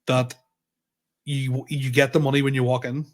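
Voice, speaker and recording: A man's voice: mid-range voice, little pitch movement, moderate pace. A man co-hosting a comedy podcast, telling rambling, sweary anecdotes full of restarts. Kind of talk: casual storytelling chat.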